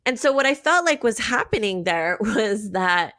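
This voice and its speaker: Woman host, solo podcast rant: animated, blunt, salty language, medium pitch, dry close sound. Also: normal speed, dry recording. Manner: animated, blunt, swears freely, frequent "right?" and "um".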